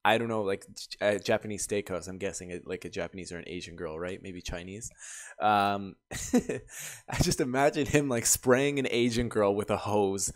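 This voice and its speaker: A man reading stories aloud and breaking off to react with loud, laughing, animated commentary. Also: fairly low pitch. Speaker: YouTuber reading Reddit stories.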